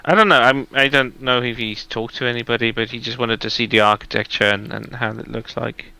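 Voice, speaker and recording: A man chatting casually on a stream, often pausing and searching for words. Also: medium pitch, fairly even intonation, vocal fry, pushed and bright, clear, resonant tone, low-quality recording. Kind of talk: casual chat.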